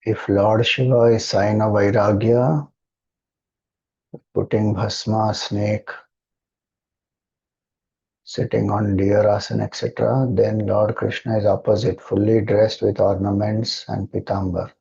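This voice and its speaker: Indian male spiritual teacher, mellow and unhurried, slightly dull recording. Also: fairly low pitch, creaky, slightly rough. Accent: Indian English. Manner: slow, measured, calm teaching cadence. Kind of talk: devotional talk and Q&A.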